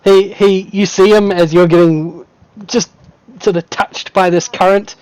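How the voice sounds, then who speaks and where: A man's voice: high-pitched, fairly even intonation, unhurried, darkish tone, smooth, no room sound, rough recording. Laughing man narrating a tabletop game. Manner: casual, laughs often, vivid storytelling. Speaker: game master.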